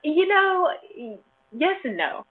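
A woman's voice: very high-pitched, very animated, takes it slowly. A woman guest in a casual chat, telling self-deprecating stories with lots of giggling. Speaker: cosplay guest. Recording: tinny phone-like line.

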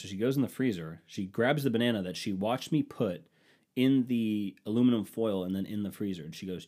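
Profane, storytelling podcast man. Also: fairly low pitch. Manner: profane, animated ranting when retelling arguments. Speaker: podcast host. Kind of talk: casual storytelling.

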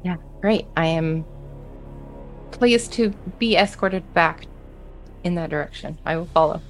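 A woman's voice: deep voice, unhurried, soft background music. A woman player in a tabletop game, speaking politely in character and playfully out of it.

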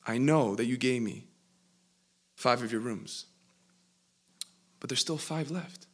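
A male preacher voicing Jesus in a parable, speaking calmly and with measured instruction. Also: medium pitch. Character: calm, patient Jesus speaking gently.

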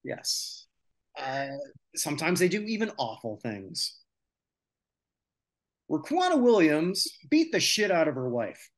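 A man's voice: on the high side, sing-song, slow, long pauses. A man from North America hosting a sports podcast, talking casually and with strong opinions. He rambles and rants, with frequent filler sounds between his points. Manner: opinionated, ranting, many filler "uh"s. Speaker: podcast host.

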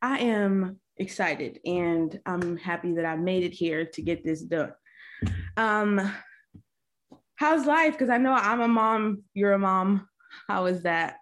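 A woman hosting a casual interview over a video call, bubbly and chatty, repeating how excited and nervous she is. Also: mid-range voice, takes it slowly. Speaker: podcast host. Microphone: computer mic on a video call.

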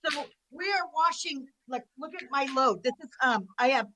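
A woman with a high, bright voice tells a rambling story on a podcast, animated and quick to laugh. Her voice sounds close and dry, with no room around it. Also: no echo, poor audio. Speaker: podcast co-host. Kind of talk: casual chat.

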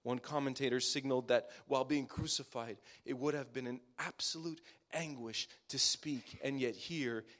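A man preaching a sermon to his church, building phrases up and letting them fall away to a hush. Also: medium pitch, fairly even intonation, normal speed, hardly any pauses. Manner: dramatic, swelling then dropping to hushed phrase endings.

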